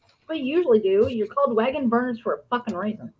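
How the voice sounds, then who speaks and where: A woman's voice: on the high side, animated, fast talker, darkish tone, slight background noise, rough recording. A woman hosting a casual livestream, reading news aloud and reacting bluntly with swearing. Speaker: host.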